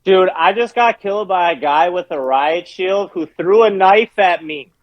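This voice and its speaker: A man's voice: high voice, a little slow, no echo, muffled recording. A man co-hosting a casual sports podcast, ranting and cursing while gaming on a headset, a little drunk. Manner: profane, heated ranting. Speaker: podcast co-host.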